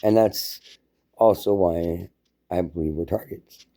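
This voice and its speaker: A man's voice: sits low, measured pace, dark tone. A man giving a heated, profane monologue rant to camera as a vlogger, telling it like a story.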